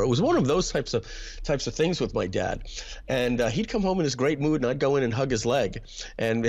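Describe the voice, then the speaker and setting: A man being interviewed, reflectively telling family stories about his upbringing and often clearing his throat. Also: mid-range voice, lively intonation, brisk, darkish tone. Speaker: interview guest, internet marketer. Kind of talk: personal storytelling in an interview.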